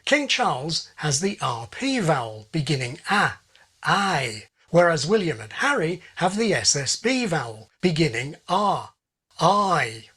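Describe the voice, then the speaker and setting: A narrator giving scripted, measured educational narration in a played video. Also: mid-range voice, very animated, a bit bright, slightly rough.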